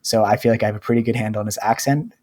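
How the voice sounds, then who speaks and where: A man co-hosting a podcast, chatting in a relaxed, rambling way with lots of fillers. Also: on the low side, very fast. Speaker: podcast co-host. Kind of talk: casual podcast chat.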